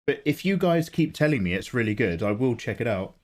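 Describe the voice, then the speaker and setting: A man from England hosting a casual live art stream, greeting viewers and joking around with a sleepy, low-energy manner. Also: big pitch swings, a little fast. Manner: chatty, greets viewers, self-deprecating jokes. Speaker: livestream host, illustrator. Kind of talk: casual livestream chat.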